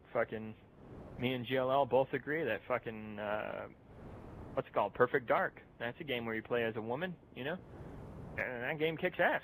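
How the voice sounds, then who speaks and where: A young man rants with sarcastic scorn at his critics, swearing freely and chuckling at his own put-downs. His voice sits in an ordinary middle register, with a faint low rumble beneath the recording. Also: low-quality recording. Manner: mocking, profane, sarcastic, laughs at own jokes. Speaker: youtuber ranting at other channels. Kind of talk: profane rant to camera.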